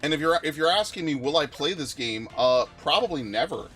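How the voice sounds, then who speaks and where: A man's voice: a little high, animated, a little fast, a bit bright, faint music behind. A man streaming a game, ranting with exasperation and lots of swearing. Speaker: gaming streamer.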